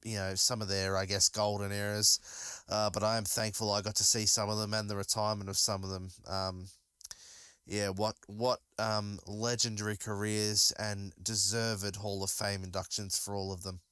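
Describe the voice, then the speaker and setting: A man's voice: lowish voice, little pitch movement, normal speed, sharp tone, smooth, no room sound. A man hosting a solo podcast, talking casually and enthusiastically, rambling with many fillers and restarts. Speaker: podcast host.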